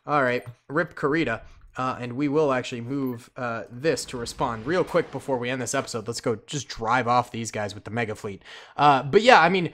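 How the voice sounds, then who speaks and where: Guy doing gameplay commentary, gets hyped over the battles, rambles with lots of ums when planning, ordinary pitch. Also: fairly quick. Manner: excitable, reacts aloud to the action, casual slang; thinks aloud with fillers while planning. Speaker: gaming channel host.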